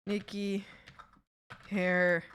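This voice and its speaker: A woman streamer chatting casually with her viewers while she works, muttering to herself and bursting into loud laughing exclamations. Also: medium pitch, level tone, extremely slow, clean tone. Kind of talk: casual livestream chat while working.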